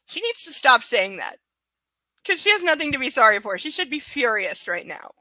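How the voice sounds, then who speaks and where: A woman's voice: high-pitched, big pitch swings, normal speed, sharp tone, dry recording, rough recording. A woman chatting casually from home during a live book reading, rambling and swearing freely. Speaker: book reader streaming live.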